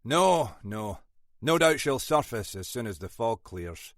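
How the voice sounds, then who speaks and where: A man doing a gruff Scottish detective. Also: mid-range voice, big pitch swings, a little slow, dry recording. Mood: stern. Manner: brusque, scolding, dry wit. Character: gruff older Scottish male detective inspector. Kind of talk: audiobook character voice.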